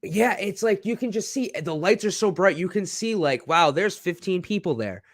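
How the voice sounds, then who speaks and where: A man's voice: high-pitched, expressive, normal speed, no echo, studio quality. A man co-hosting a casual live-streamed wrestling chat, talking in a rambling, easygoing way. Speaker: wrestling podcast co-host.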